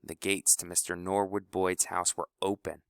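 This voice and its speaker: A man narrates a storybook in a low, smooth, resonant voice with lively intonation. His reading is measured and expressive, and the sound is dry and close. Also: no room sound. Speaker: audiobook narrator.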